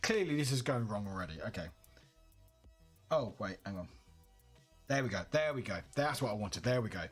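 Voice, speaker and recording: A man's voice: fairly low pitch, animated, normal speed, long pauses, breathy edge, faint music behind. A young man from the UK, live-streaming from home, chatting in a rambling, self-correcting way. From United Kingdom. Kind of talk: casual livestream chat.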